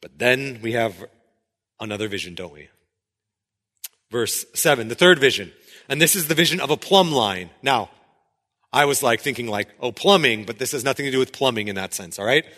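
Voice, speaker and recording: Man, bright voice, teaching scripture, conversational, repeats words, reverberant hall. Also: mid-range voice, animated, normal speed, long pauses. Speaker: Bible teacher. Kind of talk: Bible teaching, reading then explaining.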